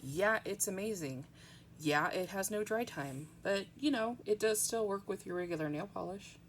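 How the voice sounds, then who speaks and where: A woman's voice: mid-range voice, normal speed, a little hiss or hum. A woman chatting casually through a nail art tutorial at home, rambling with frequent ums.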